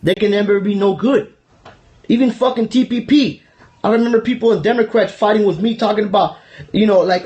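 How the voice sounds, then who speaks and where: A man's voice: high voice, a little fast, darkish tone. A man from Miami hosting a political commentary video, ranting in a heated, profane, repetitive way. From Miami, Florida. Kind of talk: casual political rant.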